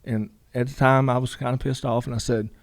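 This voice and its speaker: A man's voice: mid-range voice, flat delivery, a little fast, no echo, studio quality. A man, a guest telling a long story in a casual interview, rambling with lots of "you know" asides.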